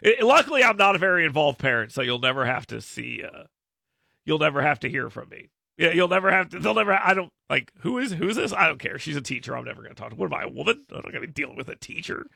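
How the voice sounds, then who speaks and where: Gravelly, bright-voiced man telling rambling stories. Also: a little high, sing-song, fast talker, dry recording. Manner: rambling, self-mocking storyteller. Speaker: radio show host. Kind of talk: casual chat with co-hosts.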